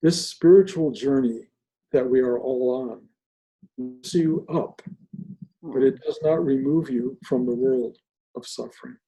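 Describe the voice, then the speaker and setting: An older man giving a reflective spiritual talk, speaking slowly with soft, drawn-out pauses. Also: medium pitch, low-quality recording. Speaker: spiritual teacher.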